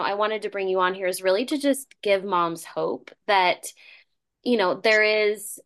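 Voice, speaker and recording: Middle-aged woman hosting a parenting podcast, earnest, lots of likes and ums. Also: fairly low pitch. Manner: earnest, many fillers and restarts. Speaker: podcast host. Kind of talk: casual conversational interview.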